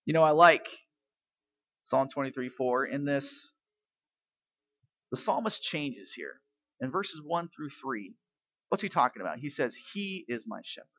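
A man preaching a sermon, telling stories and asking rhetorical questions, swinging between quiet and loud emphasis. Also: medium pitch, animated, a little slow, long pauses, no room sound, dull audio. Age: adult parent. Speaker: pastor.

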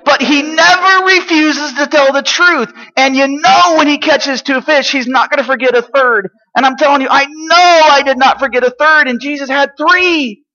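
A man playing an eager eight-year-old boy from Galilee in a dramatic first-person monologue, chatty and excitable, sometimes dropping to hushed asides. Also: extremely high pitch, moderate pace, few pauses. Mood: wide-eyed excitement. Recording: dull lo-fi recording.

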